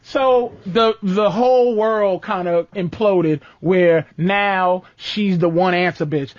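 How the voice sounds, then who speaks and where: A man's voice: sits high, takes it slowly, hardly any pauses, no room sound, dull audio. A man hosting a radio talk show, telling stories in a loose, comic way and acting out what other people said. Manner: animated storytelling with acted-out quotes.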